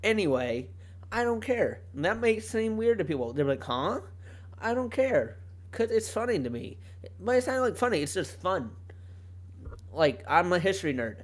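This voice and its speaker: A young man hosting a solo podcast, talking casually in a rambling way, often cutting himself off and laughing. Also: on the high side. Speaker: podcast host. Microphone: home podcast mic.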